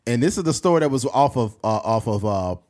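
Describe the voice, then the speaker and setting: Animated male podcast storyteller. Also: medium pitch, fairly quick. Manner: animated storyteller, jumps into loud mimicked voices. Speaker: podcast co-host. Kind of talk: casual podcast chat.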